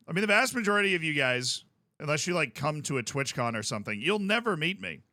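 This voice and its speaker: Bright, chatty streamer man. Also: fairly high pitch, sing-song, fast, dry recording, clean studio sound. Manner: rambling, chatty, with frequent restarts. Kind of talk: casual livestream chat.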